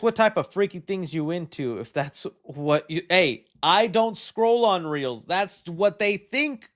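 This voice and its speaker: A man hosting a casual live stream, answering chat questions in a rambling, jokey and animated way. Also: on the high side. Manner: rambling, animated, jokey, puts on silly voices.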